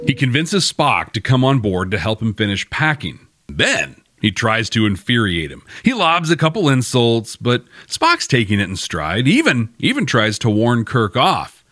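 A young man hosting a casual, wry episode recap with animated asides. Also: mid-range voice, moderate pace, hardly any pauses, dry recording, studio quality. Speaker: host.

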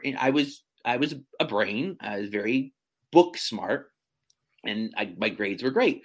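A man in his thirties chatting casually as a guest, animated and self-mocking, often stumbling over restarts. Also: mid-range voice, a little slow. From central New York. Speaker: guest, real estate agent. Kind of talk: casual chat.

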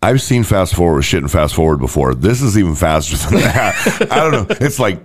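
A man's voice: low-pitched, sing-song, fairly quick, slight background noise. A man in casual chat among friends, swearing often and laughing as he talks. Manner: swears a lot, laughs while talking.

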